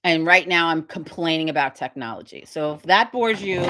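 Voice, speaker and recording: A woman's voice: low-pitched, lively intonation, moderate pace, a bit bright. A middle-aged woman hosting a casual live stream, rambling and swearing as she tells a story with quoted voices. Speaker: host of a live witch community stream. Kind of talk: casual livestream chat.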